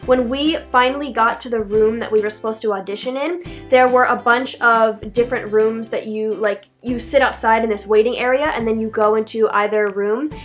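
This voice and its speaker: A woman's voice: fairly high pitch, steady tone, normal speed, few pauses, soft background music. A teenage girl talking through an advice vlog in a chatty, rambling way, full of "like" and self-corrections. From Philadelphia area, USA. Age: teens. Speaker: vlogger.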